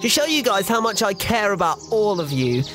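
A man's voice: high-pitched, very animated, brisk, music in the background, pitched above the performer's own voice. A man doing a smug greedy influencer. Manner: mock soothing, then fake cheerful outbursts. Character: smug money-grabbing male influencer. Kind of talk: parody video vlog in a sketch.

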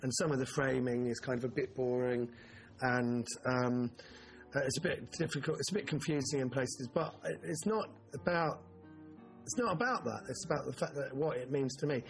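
A man co-hosting a podcast, chatting casually about films in a mid-pitched voice. He rambles, restarts his sentences and drops the odd swear word, while faint music sits under his speech. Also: moderate pace, vocal fry. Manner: rambling, self-interrupting, swears. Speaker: podcast co-host. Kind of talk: casual film chat.

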